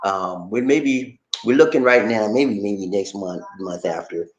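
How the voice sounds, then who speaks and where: A man from Charleston, South Carolina hosts a casual livestream, chatting with viewers, reading their comments and laughing often in a lively way. His voice is lowish and measured in pace, and the recording is reverberant and muffled.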